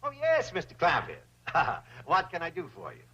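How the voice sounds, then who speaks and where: An actor playing a fussy, greedy older banker who talks in a pompous, flowery, wheedling way. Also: male voice, fairly high pitch, wildly swooping pitch, normal speed, pushed and bright, husky, exaggerated voice. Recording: dull old TV soundtrack.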